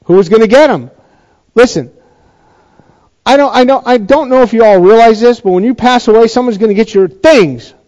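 A man's voice: extremely high pitch, moderate pace, darkish tone, lo-fi sound. A male pastor giving a sermon in a chatty, conversational way, often restarting his sentences.

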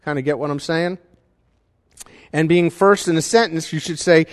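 A somewhat high-voiced pastor preaches in a church sanctuary, a little slowly and with long pauses. His tone is conversational, and he keeps checking whether the congregation follows him, all wrapped in the hall's long reverb.

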